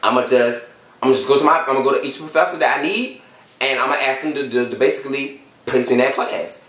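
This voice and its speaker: A man in his twenties telling a story in a casual vlog, animated and profane, full of slang. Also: medium pitch, quick pace, distant mic. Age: 20s. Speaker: YouTuber. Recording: roomy echo.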